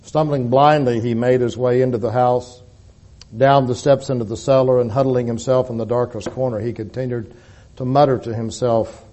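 A man reading a dramatic story aloud as narrator, solemn, rising to loud peaks and then sinking to a hush. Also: medium pitch, steady tone, normal speed.

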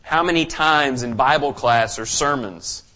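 A man's voice: medium pitch, measured pace, sharp tone. A man preaching a sermon, telling a personal story earnestly and building to fervent emphasis.

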